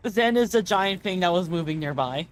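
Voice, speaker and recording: A woman's voice: fairly low pitch, animated, normal speed. Joking, swearing young woman gamer. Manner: profane, joking, reacts loudly to game alerts. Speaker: streamer. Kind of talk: casual game-stream chat.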